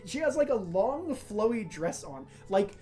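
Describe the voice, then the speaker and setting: A man's voice: sits high, very animated, unhurried, dark tone, faint music behind. A man narrating as game master of a tabletop game, rambling with lots of fillers. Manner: rambling, full of fillers and laughs.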